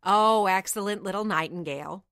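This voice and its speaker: A woman voicing a pompous male knight of the court who speaks in an effusive, booming way. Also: moderate pace, fairly bright tone, dry recording, clean studio sound, lightly acted. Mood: admiring. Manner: booming, effusive, self-important.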